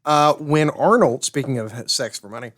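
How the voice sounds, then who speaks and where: A man co-hosting a podcast, chatting casually about a film with animated joking and quick asides. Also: mid-range voice. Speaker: podcast co-host. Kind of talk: casual chat.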